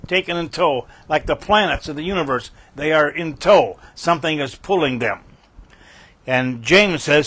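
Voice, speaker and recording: A man's voice: fairly high pitch, normal speed, fairly bright tone, no echo. Emphatic older man teaching scripture. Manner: folksy, emphatic, repeats key phrases. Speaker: Bible teacher. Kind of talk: verse-by-verse Bible teaching.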